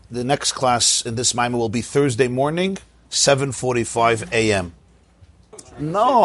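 A man giving a Torah class as a rabbi, lively and questioning, with mock-cheerful asides. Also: mid-range voice, dry recording.

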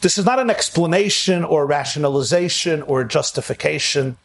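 Earnest guy preaching a story sermon, voice a bit on the high side, draws out the big lines. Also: vocal fry. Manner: earnest, with slowed, stretched emphasis on key phrases.

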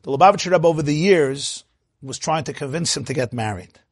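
Husky-voiced man giving a Torah lecture. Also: fairly quick, dry recording, studio quality. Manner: storytelling, acts out quoted speech with big swings in pitch and loudness; thinks aloud with restarts and asides. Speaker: rabbi teaching a class.

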